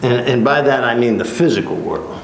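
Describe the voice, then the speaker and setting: A man's voice: medium pitch, expressive, normal speed, gravelly. A man teaching a church Bible class, conversational and joking, repeating words for emphasis. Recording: roomy echo, faint background hiss.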